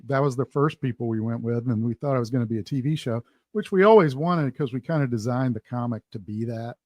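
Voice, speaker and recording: A man's voice: medium pitch, a little mellow, no room sound. A man who is a guest on a casual chat show, talking in an easygoing way. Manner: easygoing, laughs often.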